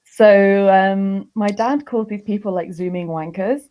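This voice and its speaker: A woman's voice: mid-range voice, unhurried, warm tone, dull audio. Giggly woman telling a story. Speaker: podcast guest. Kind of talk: casual chat, anecdote.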